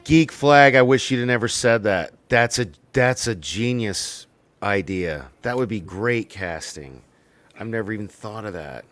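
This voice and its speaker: A man in casual chat, excitable and gushing, with casual swearing. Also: lowish voice, a little slow, dry recording.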